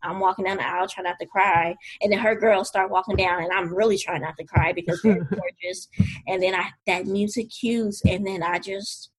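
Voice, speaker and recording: Husky-voiced woman telling her story. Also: medium pitch, expressive, brisk, few pauses, poor audio. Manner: storytelling, emotional. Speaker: interview guest, spouse. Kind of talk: casual conversation.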